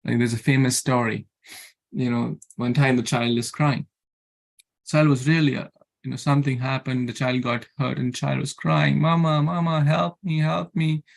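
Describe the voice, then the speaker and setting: Gravelly-voiced man preaching earnestly. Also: mid-range voice, fairly even intonation, moderate pace. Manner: earnest, repetitive, asks rhetorical questions; chants mantras and Sanskrit verses. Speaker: scripture class speaker. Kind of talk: sermon.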